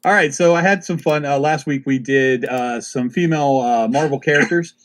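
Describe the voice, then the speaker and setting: A man's voice: medium pitch, normal speed. A man co-hosting a podcast who introduces a game in an easygoing, hesitant way. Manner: easygoing, hesitant with many fillers. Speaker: podcast co-host running a game segment. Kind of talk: casual chat.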